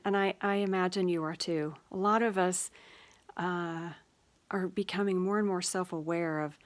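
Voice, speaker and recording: A woman hosting her own channel, giving a gentle, reflective spiritual talk with many fillers and pauses. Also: on the low side. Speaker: channel host.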